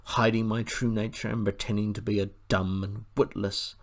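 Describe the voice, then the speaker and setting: A man voicing a proud gravelly talking war horse. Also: on the low side, little pitch movement, moderate pace, natural voice. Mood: rueful. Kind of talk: audiobook character voice.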